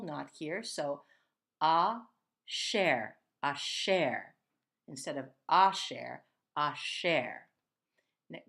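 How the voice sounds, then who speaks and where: A middle-aged woman guides a Hebrew reading lesson at a very unhurried pace. Her voice sits a little low, and she patiently breaks each word into syllables and repeats it. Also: a bit bright. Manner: patient, sounds out words syllable by syllable. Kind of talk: slow step-by-step reading lesson.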